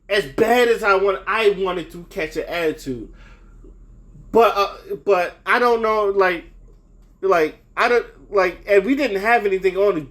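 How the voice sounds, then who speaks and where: A man's voice: sits high, fairly bright tone. A young man telling a story in a casual, rambling way, swearing freely and sounding heated. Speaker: vlogger.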